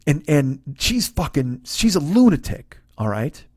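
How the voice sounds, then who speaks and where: A man's voice: on the high side, very animated, a little slow, darkish tone, no room sound, clean studio sound. A middle-aged man hosting a podcast, ranting sarcastically about a movie with heavy swearing and acted-out lines. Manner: sarcastic, swears a lot, acts out characters' lines. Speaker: podcast host. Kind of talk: profane comedic movie rant.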